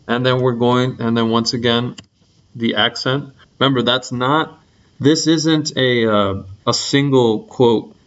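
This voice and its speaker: A young man teaching a programming lesson in a relaxed, rambling way, full of ums and likes. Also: mid-range voice, muffled recording. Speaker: coding instructor.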